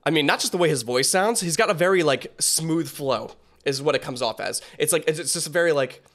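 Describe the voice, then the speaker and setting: A man's voice: on the high side, expressive, brisk, fairly bright tone. Rambling young man reacting to a song. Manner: rambling, many fillers and restarts. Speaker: reaction video host. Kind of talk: casual reaction commentary.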